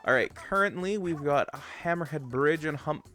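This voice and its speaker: A man streaming a game live, chatty and excitable, talking to his chat as he plays. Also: a little high, moderate pace, soft background music. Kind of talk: live gameplay commentary.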